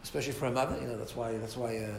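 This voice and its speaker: A man teaching an informal Torah class, animated and asking listeners rhetorical questions. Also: medium pitch, rapid-fire, gravelly, slight background noise. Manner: animated, mixes Hebrew and Yiddish terms, asks listeners rhetorical questions. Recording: roomy echo, faint ambience.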